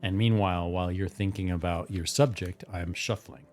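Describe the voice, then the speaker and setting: A man's voice: low-pitched, normal speed, over music. A man hosting a live tarot reading stream, chatting casually, telling stories and chuckling often. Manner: animated, chuckling, relaxed. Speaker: tarot reader and livestream host.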